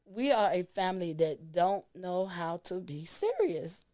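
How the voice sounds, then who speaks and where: A woman's voice: fairly low pitch, lively intonation, unhurried, warm tone. A woman, a guest on an interview show, telling stories animatedly and laughing often. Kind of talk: casual interview chat.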